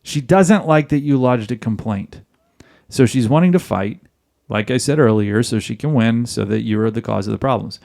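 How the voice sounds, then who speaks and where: Man, podcast host, emphatic, jokey, acts out dialogue, middle pitch. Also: moderate pace, vocal fry, darkish tone. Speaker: podcast host giving marriage advice. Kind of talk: advice podcast monologue.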